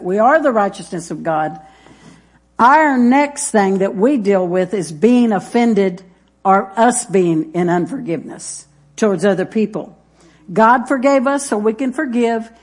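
Woman preacher, emphatic, repetitive delivery, addresses the congregation directly. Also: medium pitch. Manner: emphatic, repeats phrases, talks straight to listeners. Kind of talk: sermon.

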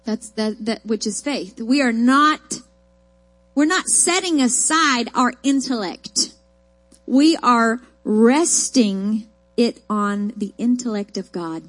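A woman's voice: on the high side, takes it slowly. A woman preaching a sermon, mixing folksy personal stories with emphatic, rising declarations.

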